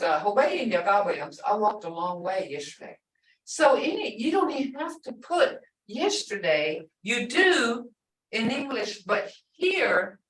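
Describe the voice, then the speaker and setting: A woman teaching a language class over a video call, explaining slowly and repeating example words with patience. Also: medium pitch, fairly bright tone. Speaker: language instructor. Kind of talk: online language lesson. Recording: roomy, distant mic.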